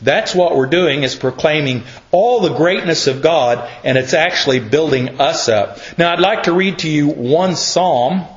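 Male preacher, fairly high voice, slow and deliberate, earnest teaching sermon, roomy muffled recording. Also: lively intonation. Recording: echoey, muffled room recording.

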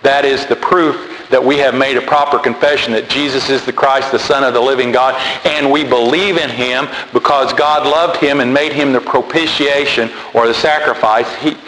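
A man's voice: mid-range voice, steady tone, moderate pace, hardly any pauses, fairly bright tone. A man preaching a sermon in a loose, conversational way, repeating words and going off on asides. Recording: roomy hall with long reverb and faint noise.

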